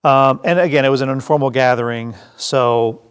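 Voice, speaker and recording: A man teaching a Bible study to a congregation, telling the story lively and acting out scenes, with many fillers and restarts. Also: medium pitch, moderate pace, smooth. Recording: long reverb of a hall.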